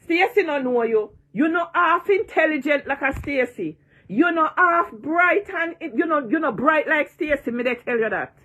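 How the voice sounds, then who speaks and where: A woman's voice: high-pitched, lively intonation, normal speed, a bit bright. A woman in her sixties with a Jamaican accent, ranting and taunting in a vlog, repeating her jeers and cursing freely. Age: 60s. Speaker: online personality.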